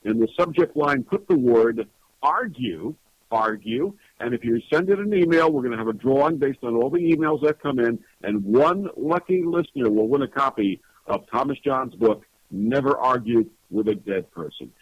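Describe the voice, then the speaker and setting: Casting: husky male radio host with a lively, swooping delivery and dry, lo-fi sound. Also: mid-range voice, fairly quick, hardly any pauses, dry recording. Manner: lively, promotional, emphatic. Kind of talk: radio hosting. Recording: dull lo-fi radio audio.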